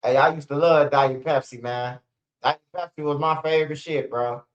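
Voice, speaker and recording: Here a man in his forties speaks at a moderate pace, his voice on the high side with fairly even intonation. Hosting his channel's livestream, he rambles through profane stories, restarting often and laughing. The sound is lo-fi, dull and roomy.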